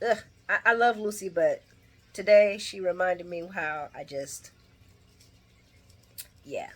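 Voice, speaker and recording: A woman casually recapping a soap opera episode, animated, acting out the characters' lines and often laughing. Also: on the low side, takes it slowly.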